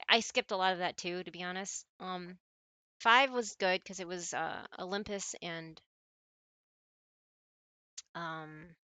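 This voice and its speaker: A woman's voice: medium pitch, sharp tone, dry recording. An American woman streaming games, chatting casually with viewers and rambling with frequent restarts and self-corrections. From United States. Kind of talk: casual gaming stream chat.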